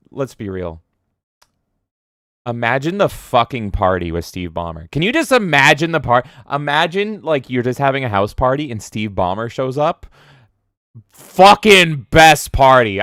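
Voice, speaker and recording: An excitable man live-streaming from home, reading out viewer comments between loud goofy voices and casual swearing. His voice is smooth and resonant, with a mid pitch for a man. The sound is dry and close, with no room echo. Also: moderate pace.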